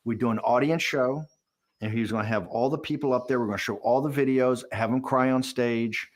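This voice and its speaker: This interview guest is a man in his sixties with a medium-pitched voice and a brisk delivery. Speaking candidly for a documentary, he animates his story and performs the lines of dialogue he quotes.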